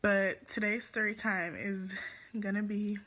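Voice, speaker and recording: A woman's voice: mid-range voice, steady tone, a little slow, a bit bright. A teenage girl from Jamaica with a Jamaican accent, telling a rambling storytime vlog full of fillers and giggles. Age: teens. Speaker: vlogger.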